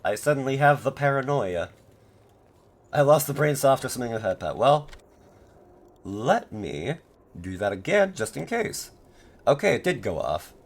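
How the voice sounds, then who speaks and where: A man's voice: medium pitch, very animated, moderate pace, long pauses. A man streaming gameplay, chatting in a sarcastic, joking way with rambling asides. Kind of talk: live gameplay commentary. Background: game music.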